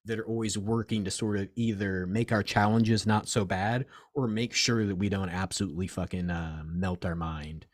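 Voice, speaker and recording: Man in his forties, low voice, dry sound, rambling swearing storyteller in an interview. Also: moderate pace, few pauses, no room sound. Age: 40s. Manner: rambling, animated, swears often, acts out quoted voices. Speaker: crystal and reiki shop owner, guest. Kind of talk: casual interview chat.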